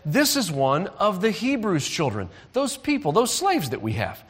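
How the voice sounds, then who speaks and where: A man's voice: sits high, huge pitch swings, normal speed, breathy edge, pitched above the performer's own voice, exaggerated voice. A man voicing Pharaoh's daughter as a haughty young royal woman in a retold Bible story, sniffy and looking down on others. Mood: disdainful.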